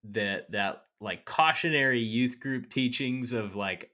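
A man's voice: medium pitch, slow pace, bright, forceful tone. A man co-hosting a comedy podcast, chatting casually with sarcastic, wry remarks. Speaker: podcast co-host.

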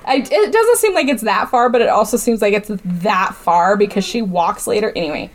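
A woman's voice: medium pitch, expressive, brisk, slight background noise. A woman casually retelling a movie plot, acting out quotes, with lots of fillers and swearing. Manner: frequent fillers like "like" and "right?". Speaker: podcast host recapping a movie. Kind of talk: casual chat.

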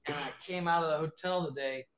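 A man's voice: on the high side, fairly even intonation, a little fast, a bit bright, reverberant, a little hiss or hum. A man co-hosting a podcast, telling easygoing stories in a casual chat. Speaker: podcast co-host. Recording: dull lo-fi sound.

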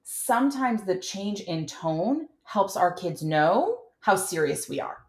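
A woman coaching a parent in a calm, clear, instructive way as the host. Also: medium pitch, takes it slowly, reverberant. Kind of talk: coaching conversation.

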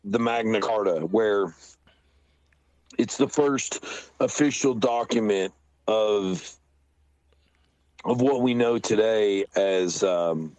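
Male podcast co-host, slow-paced, meandering casual talker, dead-dry close mic. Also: on the low side, darkish tone, dry recording. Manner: rambling, slow and halting, with restarts. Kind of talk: casual chat.

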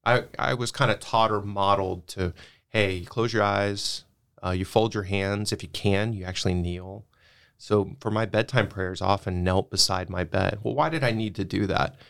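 A man as a returning podcast guest, explaining in a thoughtful, measured way. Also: on the low side, fairly even intonation, vocal fry, fairly bright tone, clear, resonant tone. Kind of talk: casual conversation.

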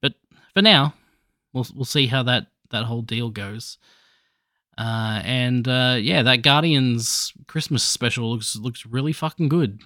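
A man's voice: medium pitch, a little slow, pushed and bright, no echo, studio quality. A man hosting a podcast alone, chatting casually about movies in a rambling, jokey way with restarts and swearing. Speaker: podcast host.

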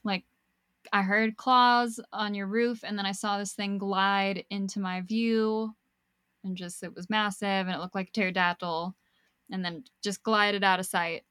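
A young woman telling a personal story in casual chat, animated and swearing freely as she acts out what people said. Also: medium pitch, unhurried, smooth, no room sound, clean studio sound. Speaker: podcast guest storyteller.

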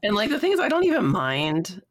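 A woman's voice: medium pitch, huge pitch swings, brisk. A woman co-hosting a casual chat podcast, chatty and full of "like" fillers. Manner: chatty, uses many "like" fillers. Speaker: podcast co-host.

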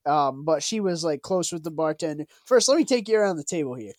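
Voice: mid-range voice, expressive, quick pace, a little mellow, no room sound, studio quality. A speaker casually retelling a bar story with a friend, laughing often and acting out the people involved.

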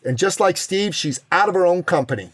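A man's voice: sits high, lively intonation, fairly quick, fairly bright tone, no echo. A middle-aged man hosting a podcast, telling a motivational story in an emphatic, dramatic way. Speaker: podcast host.

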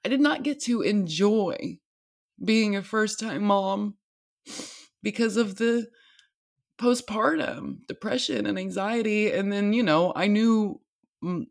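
Slow and creaky, with a darkish tone and medium pitch, a young American vlogger talks candidly about herself. She sounds worn out, drifts from point to point, and swears plenty.

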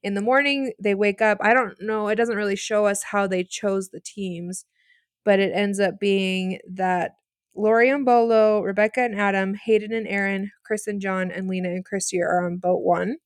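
A woman's voice: medium pitch, steady tone, clear, resonant tone, dry recording. Laughing woman podcast co-host, dry mic. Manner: laughing, agreeable, quick quips. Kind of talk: casual recap chat.

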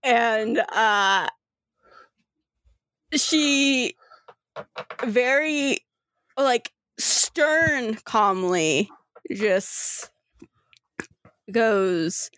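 A woman's voice: a little high, drawn-out words, pauses often, a bit bright, no echo, clean studio sound. A woman game master narrating a tabletop game in a chatty, laughing way, full of "like" fillers.

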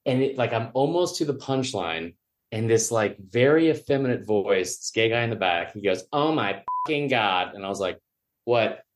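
A man telling a long story on a podcast, acting out the other people in it and swearing as he goes. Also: moderate pace. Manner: animated storyteller, acts out quoted voices with pitch jumps; profane, joking. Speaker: podcast guest, sports media personality. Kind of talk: casual storytelling.

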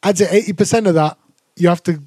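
A man's voice: sits high, quick pace, warm tone, slightly rough, no echo. A man co-hosting a podcast, playful and slangy in casual banter. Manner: playful, laughing, London slang. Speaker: podcast co-host.

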